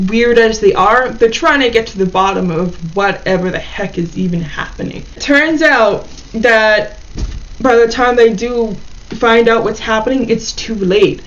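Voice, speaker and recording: A chatty woman gives a casual book review, her fairly high voice often dropping in a "like". The recording sounds a bit dull and lo-fi. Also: measured pace, a bit bright.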